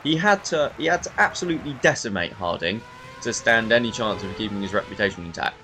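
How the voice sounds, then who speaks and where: Animated young man calling a race. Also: lowish voice, fast talker, slight background noise. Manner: animated, self-deprecating, stumbles over names. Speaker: race commentator. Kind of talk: lively race commentary.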